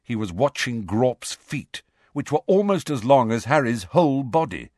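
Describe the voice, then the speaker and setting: A man narrating a storybook, expressive and varied, doing character voices. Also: mid-range voice, normal speed, dry recording, studio quality. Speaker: audiobook narrator.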